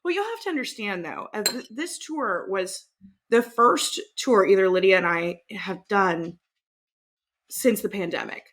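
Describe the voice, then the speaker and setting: A woman's voice: mid-range voice, lively intonation, unhurried, fairly bright tone. A woman tour manager, likely in her thirties, telling a story in casual chat, swearing freely and laughing mid-sentence.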